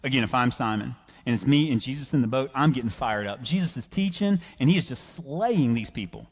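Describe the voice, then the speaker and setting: A man preaching a sermon in a church, animated and conversational as he tells a story. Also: medium pitch, quick pace. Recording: reverberant church hall.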